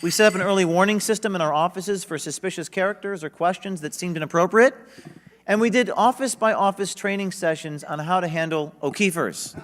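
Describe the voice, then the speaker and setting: A man giving an energetic, emphatic speech at a conference. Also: high-pitched, brisk. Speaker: conference speaker. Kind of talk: public speech. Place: conference stage.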